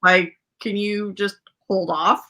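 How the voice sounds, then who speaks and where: A woman's voice: mid-range voice, fairly even intonation, slow, bright, forceful tone. A young woman telling a rambling story in casual chat, full of fillers and laughter, as a podcast host.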